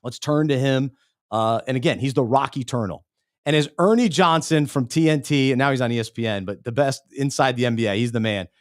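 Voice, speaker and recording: A man's voice: mid-range voice, a little fast, no echo. Earnest podcast guy, dry mic. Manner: earnest, self-interrupting, repeats words. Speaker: podcast co-host. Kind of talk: casual faith-based chat.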